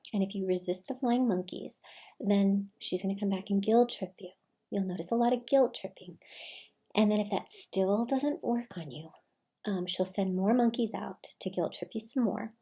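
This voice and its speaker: Soft-spoken breathy woman giving advice. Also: mid-range voice, moderate pace. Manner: soft, often half-whispered delivery. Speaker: advice vlogger. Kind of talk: casual advice talk.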